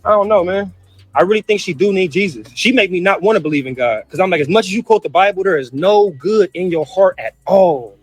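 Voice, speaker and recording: Man, high voice, fast, heated profane rant, repeats himself, faint music behind. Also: lively intonation, slightly rough, dry recording. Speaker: brother in a family feud clip. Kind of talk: emotional rant.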